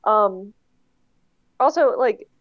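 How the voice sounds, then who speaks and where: A woman co-hosting a podcast in casual chat, explaining things at length in a relaxed, self-deprecating way. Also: medium pitch, very slow, dry recording, phone-quality sound. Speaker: podcast co-host.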